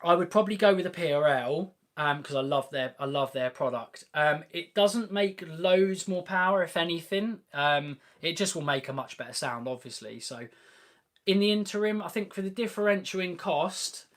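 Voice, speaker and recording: A man's voice: a little high, expressive, normal speed, a bit bright. Chatty man with a raised voice. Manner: chatty and enthusiastic, many ums and restarts. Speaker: host of a car channel live Q&A. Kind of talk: casual live-stream Q&A chat.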